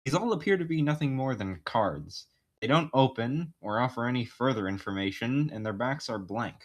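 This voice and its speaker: Guy reading a webcomic out loud on stream, mid pitch, kinda worn voice, cracks jokes between lines. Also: animated, normal speed. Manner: plain second-person narration with joking asides. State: slightly worn voice. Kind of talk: reading narration aloud with banter.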